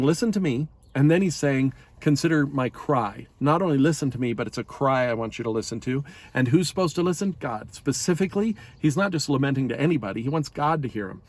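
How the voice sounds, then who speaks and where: A man giving a relaxed, conversational Bible study talk, explaining plainly with fillers and restarts. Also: mid-range voice. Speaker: Bible teacher.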